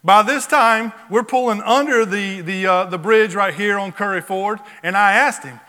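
A male pastor telling a story from the pulpit in an animated, repetitive storytelling manner. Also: high voice, moderate pace. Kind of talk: sermon storytelling. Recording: long hall reverb.

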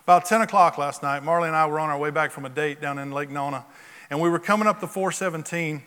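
A male pastor telling a story from the pulpit in an animated, repetitive storytelling manner. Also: a little high, quick pace, smooth. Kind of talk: sermon storytelling. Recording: long hall reverb.

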